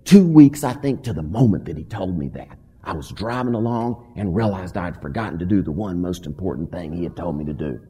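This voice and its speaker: Man speaking at a recovery meeting, lively folksy delivery, dark husky low voice, echoing hall. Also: a little fast, few pauses. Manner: folksy, animated storyteller. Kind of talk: personal storytelling to a live audience. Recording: long hall reverb.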